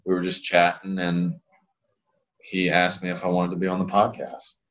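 Deep-voiced laid-back storytelling man. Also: completely flat delivery, moderate pace, fairly bright tone, muffled recording. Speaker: guest, pelvic health physical therapist. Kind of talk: casual podcast conversation.

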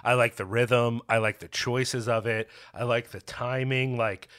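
A man's voice: medium pitch, steady tone, unhurried, fairly bright tone. A man co-hosting a podcast in casual movie chat, rambling, restarting his sentences and swearing casually. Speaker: podcast co-host.

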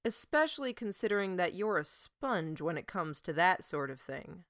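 A woman voicing a calm, firm teenage boy who speaks in a level, matter-of-fact way. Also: fairly low pitch, normal speed, no room sound, clean studio sound.

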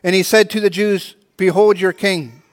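High-voiced preacher in a reverberant hall. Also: male voice, steady tone, normal speed. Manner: earnest, repeats words when restarting. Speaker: pastor. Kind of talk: sermon.

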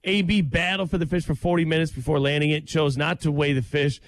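A man co-hosting a casual chat, telling stories in an excitable, animated way. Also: a little high, a little fast, dry recording. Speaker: co-host.

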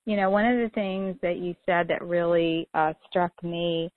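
A woman's voice: fairly low pitch, steady tone, normal speed, dry recording. A middle-aged woman hosting a casual chat, telling anecdotes and laughing often. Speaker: host. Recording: tinny phone-like line, dry.

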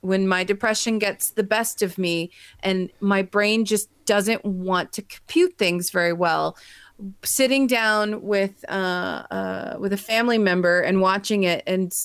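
A woman co-hosting a podcast, chatting in a gushing, animated way. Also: mid-range voice, measured pace, clear, resonant tone, dry recording, studio quality. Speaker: podcast co-host. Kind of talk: casual chat.

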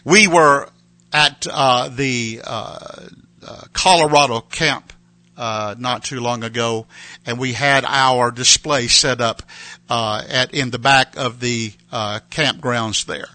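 A man preaching an earnest mission appeal, halting and repeating words with many fillers. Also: medium pitch, fairly even intonation, pushed and bright, no room sound, poor audio. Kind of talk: sermon appeal.

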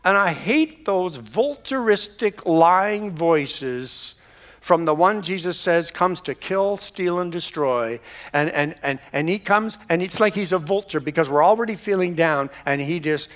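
A man preaching a sermon to a church congregation, impassioned, with frequent restarts, swinging from loud declarations to hushed asides. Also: on the high side. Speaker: pastor. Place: church hall.

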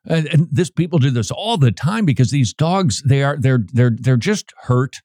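A man hosting a radio talk show, preaching in a lively way and acting out quoted voices, often repeating his words. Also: mid-range voice, normal speed, no room sound, clean studio sound.

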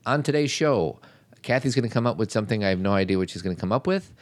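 A man's voice: fairly low pitch, expressive, quick pace, no echo. A middle-aged man co-hosting a podcast in a casual, joking way, often riffing on movie lines. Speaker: podcast co-host. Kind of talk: casual chat.

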